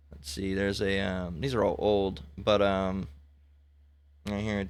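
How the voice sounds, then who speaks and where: In a low, smooth voice with a level tone, this religious commentator speaks slowly and pauses often. His casual commentary wanders, and he checks in with "all right?" between thoughts.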